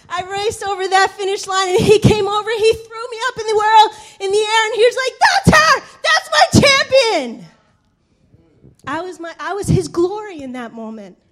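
A woman preaching a sermon, telling a personal story in a lively voice, laughing often and acting out the people she describes. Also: extremely high pitch, fairly quick, few pauses. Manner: animated, laughing, acts out the people in her stories.

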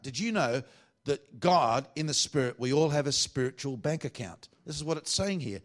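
A man's voice: a little high, expressive, brisk. A man preaching a sermon at a church meeting with an audience. He speaks in a chatty, self-mocking way, full of joking asides.

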